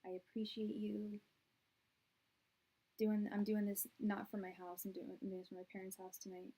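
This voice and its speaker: A woman hosting a tarot live stream from a room at her parents' house, chatting in a soft, soothing voice with many fillers and restarts. Her audio comes through quiet and low. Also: completely flat delivery, normal speed, slightly rough, low-quality recording. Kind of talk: casual live-stream chat. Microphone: quiet, low-level live-stream audio.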